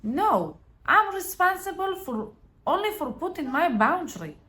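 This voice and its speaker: A woman's voice: very high-pitched, big pitch swings, unhurried, pushed and bright. Woman vlogger, earnest and emphatic, motivational chat to camera.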